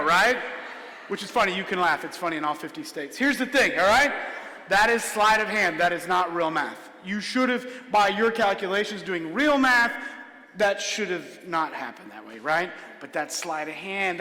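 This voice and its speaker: A man's voice: sits high, bright, forceful tone. A man performing a comedic magic show in a church hall, playfully joking with and coaxing a child volunteer. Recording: echoey hall.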